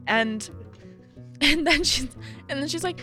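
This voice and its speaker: A young woman chats in a radio booth, telling an animated story and breaking into giggles. Her voice sits a little high. Faint music plays behind her. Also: takes it slowly. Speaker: radio co-host. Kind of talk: casual chat.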